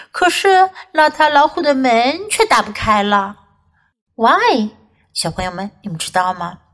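A woman English teacher, whose first language is Chinese, reading a children's story aloud in two languages with a clear, sing-song manner for small children. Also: high-pitched, a bit bright.

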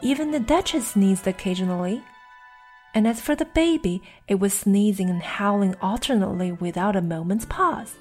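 A woman narrating a classic children's story with a lively, expressive reading. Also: mid-range voice, moderate pace. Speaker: reader of English literature. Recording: soft background music.

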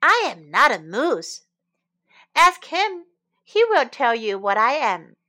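A woman voicing a patient but exasperated female cow in a children's story, protesting loudly. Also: high-pitched, big pitch swings, slow pace, heavily acted. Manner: protesting, exclaiming.

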